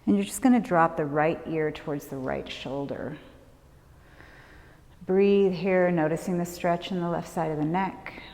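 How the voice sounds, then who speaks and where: A woman leading a prenatal yoga class, giving calm, gentle movement and breath cues. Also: lowish voice, measured pace. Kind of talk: guided yoga class instruction. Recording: long hall reverb.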